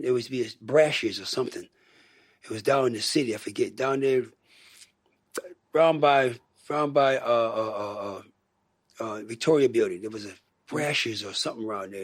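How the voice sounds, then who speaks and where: Older american guy, husky voice, rambling stories, dry close sound. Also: medium pitch, no echo. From Michigan, USA. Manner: rambling, animated storyteller who acts out quotes. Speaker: guest musician. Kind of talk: casual storytelling interview.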